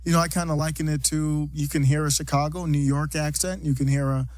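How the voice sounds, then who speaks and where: A man's voice: on the high side, fairly even intonation, brisk, a little mellow, no echo. A man hosting a casual political podcast. He agrees readily and chimes in with short affirmations. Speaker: podcast host.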